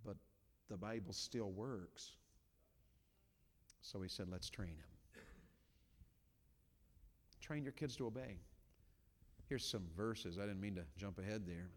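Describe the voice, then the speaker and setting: A man's voice: animated, a little slow, long pauses. Preaching man in a reverberant hall. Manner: swings from low and quiet to loud, high preaching. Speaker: pastor. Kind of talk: sermon.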